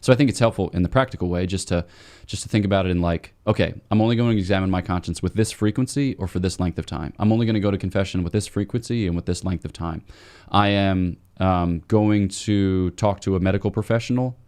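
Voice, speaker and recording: A man's voice: deep voice, fast, few pauses, darkish tone. A man from the eastern United States, a priest, explaining ideas thoughtfully in a casual podcast conversation. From United States, between Washington DC and Boston. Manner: thoughtful, explanatory, many fillers and restarts.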